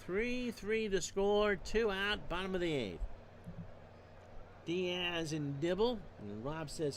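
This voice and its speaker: A man calling baseball play-by-play for a streamed replay, measured and stat-heavy with dry asides. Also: high-pitched, a little hiss or hum. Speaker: play-by-play announcer.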